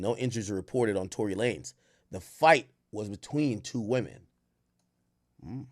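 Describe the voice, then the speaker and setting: A man hosting a casual stream, talking to his chat in animated, profane commentary and acting out quotes. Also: on the low side, no echo, studio quality. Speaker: streamer host.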